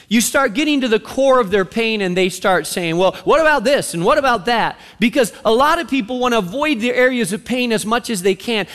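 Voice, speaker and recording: High-voiced pastor preaching in a hall. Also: male voice. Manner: animated storytelling, acting out the characters in quotes. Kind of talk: sermon. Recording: long reverb of a large hall.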